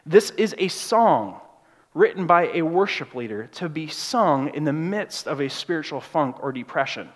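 A pastor preaching a sermon in a church, moving between loud, urgent passages and quiet, hushed ones. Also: male voice, a little high, lively intonation, moderate pace. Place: church sanctuary. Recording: long church reverb.

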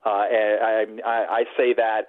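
A man's voice: on the low side, level tone, measured pace, no room sound. Wry man on a phone line. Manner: wry, digressive, many fillers. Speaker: radio show guest. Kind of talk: casual political radio chat. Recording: dry, phone-like narrow line.

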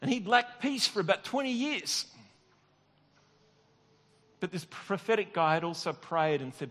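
A middle-aged pastor preaches in a relaxed storytelling way, chuckling at himself and restarting his sentences. His voice sits a little high for a man. The sound carries the long reverb of a large hall. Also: a little slow, long pauses. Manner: conversational, self-deprecating, with frequent restarts and laughs. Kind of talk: sermon with personal storytelling.

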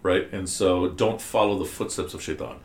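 Deep-voiced man teaching in an echoey room. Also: lively intonation, moderate pace, a little hiss or hum. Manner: explanatory, asks the class questions, many restarts. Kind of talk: classroom commentary on scripture. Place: classroom.

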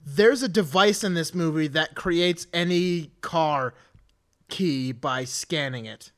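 A man's voice: a little high, slow pace, fairly bright tone. A man co-hosting a comedy podcast, ranting in an exasperated, profane way in casual chat. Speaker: podcast co-host.

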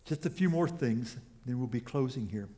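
A man preaching a sermon as a pastor, earnest and pausing often with small restarts. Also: medium pitch, expressive, warm tone.

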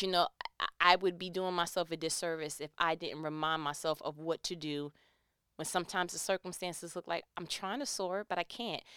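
A woman from New York with a New York accent, giving a lively, laughing faith talk and acting out little quoted scenes. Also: low voice, clean tone, no echo, clean studio sound. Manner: animated, laughing, acts out quotes.

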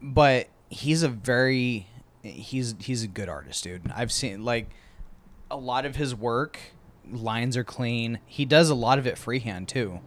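A young man in casual chat, laid-back, swearing freely and talking in quick bursts. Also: mid-range voice.

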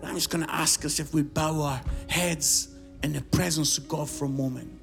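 A Scottish man preaching a fervent sermon in a church, rising to shouts and telling stories full of quoted dialogue. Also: fairly high pitch, fairly even intonation, moderate pace, vocal fry, soft background music. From Scotland. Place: church service.

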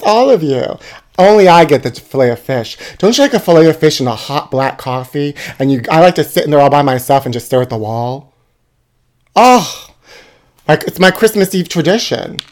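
A man's voice: on the high side, a little mellow. A man hosting a podcast, delivering a campy comedic monologue and calling his listeners "my trashy". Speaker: podcast host.

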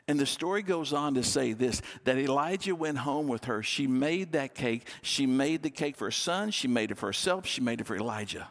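A male pastor preaching a sermon, retelling a Bible story and acting out its dialogue in a lively storytelling manner. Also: medium pitch, moderate pace, hardly any pauses.

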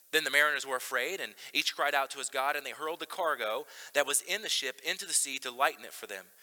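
Male pastor, higher-pitched, bright and punchy delivery, emphatic sermon in a reverberant church hall. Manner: emphatic, swinging from loud to hushed.

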